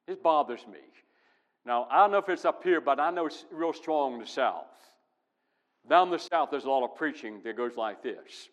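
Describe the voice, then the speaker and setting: A man's voice: on the high side, expressive, normal speed. Emphatic male preacher in a ringing hall. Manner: emphatic, swings from loud to hushed. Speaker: pastor. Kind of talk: sermon. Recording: long reverb in a large hall.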